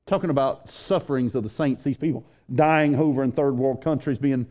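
A male pastor delivers a sermon in a warm, mellow voice. He builds intensity and repeats key phrases for emphasis. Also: medium pitch, a little fast.

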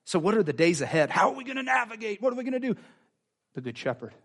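Male pastor, fairly high voice, animated sermon delivery with repetition and acted-out quotes. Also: fast talker. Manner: animated preaching, acts out quoted voices, repeats phrases. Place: church sanctuary.

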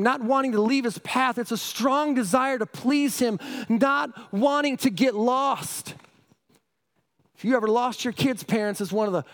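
High-ish voiced pastor guy, middle aged, preaching, keeps asking "right?". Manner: energetic, questioning the congregation, frequent "right?". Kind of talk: sermon.

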